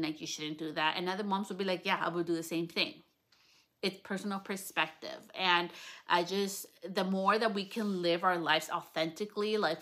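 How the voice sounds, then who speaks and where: Bright-voiced, excitable woman podcaster. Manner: candid and excitable, swears freely, pitch jumps up when excited. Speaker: podcast host. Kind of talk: casual solo podcast monologue. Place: lounge at home.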